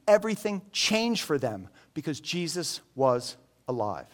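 A man preaching a sermon in an animated, joking storytelling manner. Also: mid-range voice, a little slow. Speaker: pastor.

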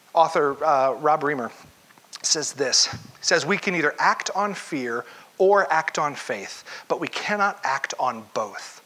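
Bright-toned man preaching a sermon. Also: fairly high pitch, expressive, a little slow. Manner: conversational, questions the audience, acts out quotes. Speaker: pastor. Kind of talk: interactive sermon.

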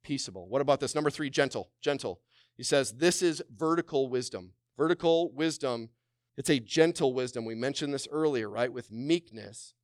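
A man preaching a sermon as a pastor, calling on the congregation to respond and dropping to a hushed voice when quoting gentle words. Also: medium pitch, normal speed, no room sound, clean studio sound.

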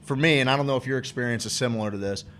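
A man's voice: mid-range voice, very fast, a bit bright, slight background noise. A man hosting a podcast in loose, profane casual chat, often laughing along. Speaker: podcast host.

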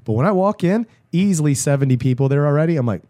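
A man with a voice hoarse from a cold, chatting casually as a podcast co-host and rambling through a story with lots of fillers. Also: on the high side, animated, quick pace, warm tone, no echo, clean studio sound. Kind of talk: casual chat.

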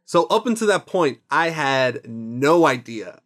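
Male co-host, mid-pitched, rambling, jokey, self-mocking. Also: big pitch swings, measured pace, a bit bright. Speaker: podcast co-host. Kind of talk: casual chat.

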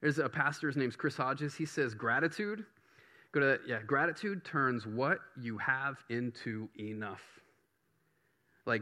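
A man's voice: medium pitch, a little slow, bright, forceful tone. A middle-aged man preaching a sermon on prayer, chatty at first and building to emphatic preaching. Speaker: pastor.

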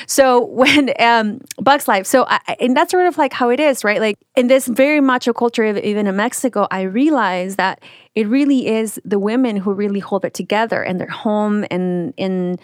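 A middle-aged woman in easygoing conversation, rambling and animated as her thoughts tumble out. Her voice sits at an ordinary pitch and is recorded close and dry. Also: no room sound. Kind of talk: casual chat.

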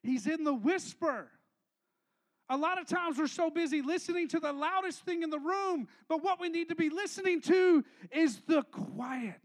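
High-voiced man preaching a casual sermon. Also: normal speed. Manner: casual, slangy, swings between hushed asides and loud emphatic lines. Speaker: pastor.

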